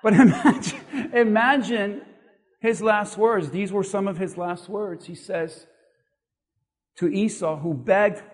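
A pastor giving an animated, emphatic sermon, building intensity through repetition. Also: male voice, high voice, slow pace, long reverb tail.

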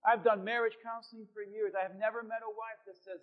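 A middle-aged man preaching a sermon as pastor, dramatic, at times shouting as he acts out prayers. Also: high voice, level tone, fast, hardly any pauses, narrow, tinny audio.

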